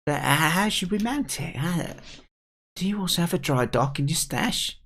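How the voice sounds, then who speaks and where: A man's voice: fairly high pitch, animated, moderate pace, a bit bright, a little hiss or hum, voice pushed up. A man voicing an earnest young animal hero. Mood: anxious. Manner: earnest, anxious. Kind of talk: reading game dialogue aloud.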